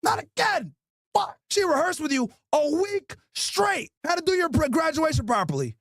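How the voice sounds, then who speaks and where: High-pitched, animated man roasting people. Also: normal speed, no room sound, clean studio sound. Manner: loud, mocking, animated, swears constantly. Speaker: podcast host. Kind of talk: profane comedic roast.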